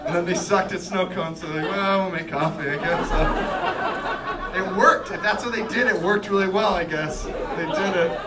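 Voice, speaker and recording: A young adult man performing a stand-up comedy set, lively and quick to act out voices, with audience laughter between his lines. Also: sits high. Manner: animated, acts out voices in quick bursts. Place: comedy club stage with live audience. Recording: distant mic, loud crowd laughter.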